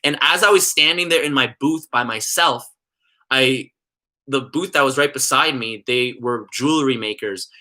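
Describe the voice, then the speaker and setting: A young male vlogger rambles through a long story in casual conversation, packing it with "like" and "you know." His mid-range voice is bright and forceful, moving at a moderate pace.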